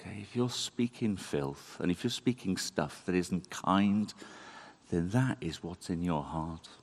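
A man giving a conversational, animated sermon in a church. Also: low-pitched, unhurried. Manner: conversational, animated, self-deprecating. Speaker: preacher.

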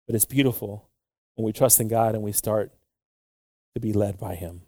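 A man's voice: lowish voice, moderate pace, long pauses, mellow, no echo. Bilingual preacher man, dry sound. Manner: switches between Spanish and English, many fillers; acts out quoted voices in the story. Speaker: pastor. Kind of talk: bilingual sermon.

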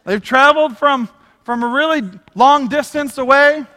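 A man preaching a sermon with energetic, conversational delivery and casual slang. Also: very high-pitched, moderate pace. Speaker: pastor. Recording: long hall reverb.

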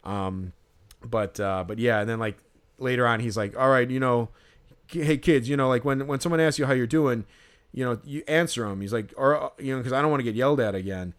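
A man co-hosts a casual podcast, spinning a long story in loose, rambling chat. He swears freely and leans on "like" in nearly every line. His voice is smooth and clean, set at an ordinary middle pitch. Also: fairly quick. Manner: rambling, swears often, heavy use of "like". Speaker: podcast co-host.

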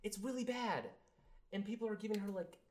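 A man's voice: high-pitched, fairly quick, darkish tone. A young man chatting casually about a film on a podcast, rambling with lots of fillers and trailing off. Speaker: podcast co-host. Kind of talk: casual movie review chat.

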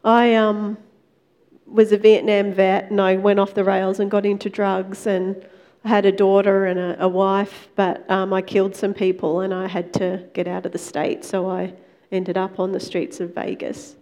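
Older homeless male veteran, voiced by a woman, plain and halting, warm low-key delivery. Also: completely flat delivery. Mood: weary.

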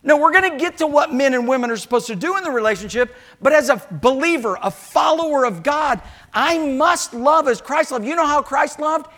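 A man's voice: extremely high pitch, fairly quick, few pauses. An older man, a pastor preaching a sermon in church, telling homespun stories and joking with the congregation. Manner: animated storytelling with asides to the congregation. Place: church sanctuary.

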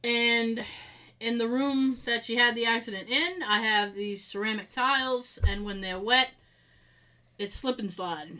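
A woman co-hosting a podcast in casual chat, telling stories in an animated way, swearing freely and laughing often. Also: a little high, a little slow. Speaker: podcast co-host.

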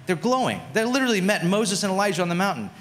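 A man in his thirties preaching a sermon as a pastor, telling a story in a relaxed, conversational way with lots of "like"s. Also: sits high, rapid-fire.

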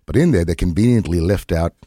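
A man with an Australian accent giving a passionate interview, full of quick restarts and dry humor. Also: low voice, lively intonation, mellow, no echo. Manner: fast, repetitive restarts, wry humor. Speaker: guest.

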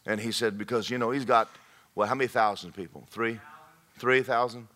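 A man preaching a humorous sermon, shouting his punchlines. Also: medium pitch, steady tone, fairly quick. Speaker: pastor. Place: church sanctuary.

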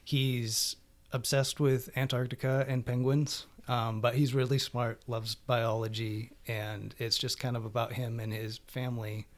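A man's voice: mid-range voice, level tone, unhurried. A man chatting casually about TV shows he has been watching, loose and rambling with lots of fillers.

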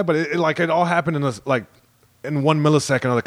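A comedian guest from Long Beach, California, telling a story in casual podcast talk and acting out the voices of the people in it. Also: male voice, on the high side, fast talker. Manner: animated storyteller, acts out quotes, frequent swearing and restarts.

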